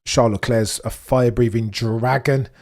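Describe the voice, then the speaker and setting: A young man hosting a live race watchalong, chatting excitedly to his viewers and reacting with slang. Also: mid-range voice, normal speed. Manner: excitable, chatty, British slang, talks to chat. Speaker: livestream host.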